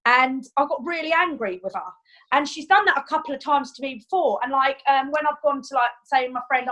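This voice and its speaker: A woman from the United Kingdom asking a question on a video call, agitated and rushing through her story with lots of fillers. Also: sits high, pushed and bright, rough recording. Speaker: group member asking a question.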